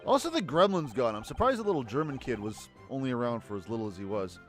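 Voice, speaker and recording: A man's voice: medium pitch, sing-song, fast talker, soft background music. A man streaming a video game, giving wry, joking commentary between character voices. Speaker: let's play streamer.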